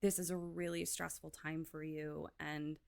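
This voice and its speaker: A woman doing a soft-spoken calm soldier. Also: a little slow, creaky. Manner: soft, low-key, apologetic. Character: quiet, polite young soldier, male, softly calm.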